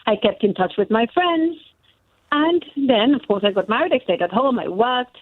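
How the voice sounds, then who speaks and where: A woman's voice: a little high, expressive, moderate pace, no echo. Earnest woman caller on a tinny phone line. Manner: earnest, heartfelt storytelling. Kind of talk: phone-in call.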